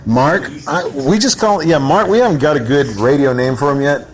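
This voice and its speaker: A man's voice: a little high, brisk, crowd noise. Laughing, foul-mouthed radio host man. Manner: laughs often, swears casually. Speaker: host of a live internet radio show. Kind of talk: casual chat.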